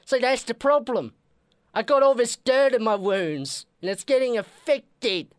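A man's voice: very high-pitched, animated, a little slow, no echo, pitched above the performer's own voice. A man voicing a sick, coughing patient with dirty infected wounds, in a put-on British accent. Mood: pleading. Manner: coughing, croaky.

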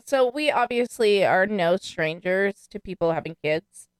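A woman's voice: mid-range voice, expressive, unhurried, clean tone, dry recording, studio quality. A woman co-hosting a podcast in casual chat, full of fillers and casual swearing. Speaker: podcast co-host.

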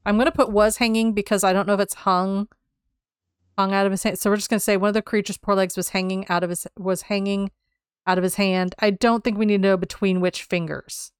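A chatty woman co-hosting a talk show, laughing easily as she works through a draft. Her voice is smooth and clear. The sound is dry and close. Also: mid-range voice, flat delivery, a little fast, no room sound. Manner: chatty, laughs often, reads text aloud. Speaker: podcast co-host. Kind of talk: casual chat about writing.

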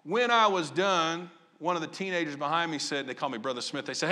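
A man's voice: on the high side, fairly quick, hardly any pauses. A man from Southern Illinois preaching a sermon as pastor, asking his congregation question after question. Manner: animated, asks the congregation questions.

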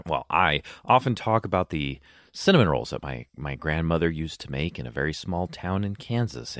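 A man's voice: low-pitched, no room sound, studio quality. A man co-hosting a food podcast, talking in a chatty, playful way with many fillers. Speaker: podcast co-host. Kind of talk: casual chat.

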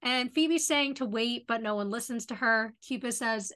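Bright, quick-talking woman recapping. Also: a little high. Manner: retells plot quickly, quoting characters' lines. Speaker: podcast co-host. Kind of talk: casual recap chat.

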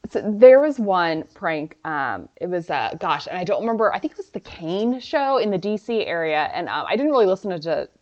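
Woman, from Dallas, podcast co-host, casual chat, filler-heavy, lowish voice, muffled sound. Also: very animated, normal speed, few pauses, a little mellow. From Dallas, Texas. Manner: chatty, filler-heavy storytelling.

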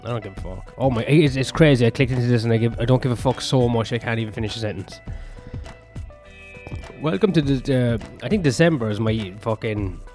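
A man's voice: mid-range voice, lively intonation, brisk, darkish tone. A young man talks alone on his podcast, rambling from one thought to the next with plenty of swearing and self-mockery. Faint music plays behind him. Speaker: podcast host and comedian. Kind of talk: solo rambling podcast monologue.

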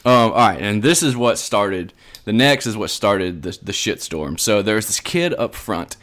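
A young man co-hosting a podcast, telling stories in a casual, animated way, often laughing and mimicking the people he quotes. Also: lowish voice, normal speed. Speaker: podcast co-host. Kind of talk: casual storytelling chat.

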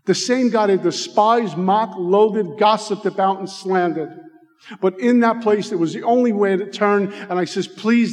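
A middle-aged American man giving a heartfelt personal recovery testimony, slowing down to stress his words. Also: high-pitched, a little mellow. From United States. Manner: heartfelt, slows down for emphasis. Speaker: recovery speaker. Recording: long reverb of a hall.

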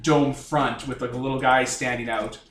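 A man's voice: mid-range voice, little pitch movement, moderate pace, fairly bright tone. A man running a tabletop game as game master, talking casually with fillers and restarts. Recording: echoey room, mic at a distance.

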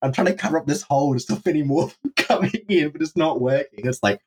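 A young man guest on a podcast, telling an adventure story in an animated, profane way and acting out his own panicked reactions. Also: on the high side, fast, slightly rough. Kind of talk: storytelling in a casual interview.

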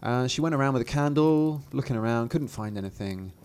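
A man's voice: medium pitch, expressive, brisk, a little mellow, clear, resonant tone. A man hosting a show, casually retelling a fairy tale with playful asides and chuckles. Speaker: podcast host. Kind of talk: casual storytelling.

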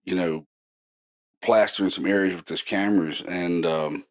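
Casting: deep-voiced male host, casual storyteller, animated and excited, filler-heavy. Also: moderate pace. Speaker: paranormal investigator host.

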